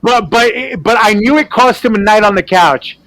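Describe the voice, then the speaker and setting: A man, an artist, chatting casually and telling animated stories, acting out other people's voices and swearing freely. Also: high-pitched, normal speed, dry recording, rough recording. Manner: animated storyteller who acts out quoted voices. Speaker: artist on a team panel show. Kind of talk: casual storytelling chat.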